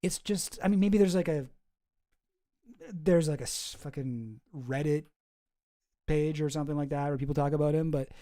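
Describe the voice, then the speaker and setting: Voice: medium pitch, normal speed, pauses often, warm tone. A channel host giving casual, sarcastic commentary, rambling and swearing freely.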